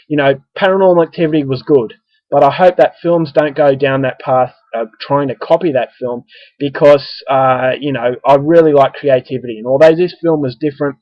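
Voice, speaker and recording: A man's voice: mid-range voice, no echo. Australian male film reviewer, casual chatty delivery, dry close sound, slightly muffled audio. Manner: conversational, frequent ums and restarts.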